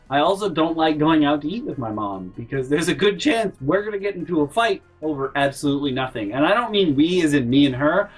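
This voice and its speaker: Animated man telling a funny story. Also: on the high side, low-quality recording. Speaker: vlogger. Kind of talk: comedic storytime. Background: faint background music.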